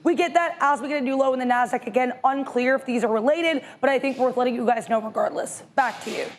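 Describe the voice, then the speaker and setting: A woman delivering a live market news update, her voice pitched notably high. She speaks briskly and clearly in a measured way. A faint hiss runs underneath.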